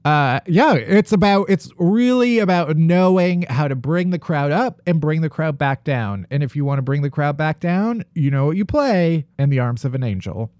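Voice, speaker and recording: A man's voice: a little high, lively intonation, moderate pace, hardly any pauses, a little mellow, no room sound. A man hosting a podcast in casual chat, joking and playfully dramatic. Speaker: podcast host.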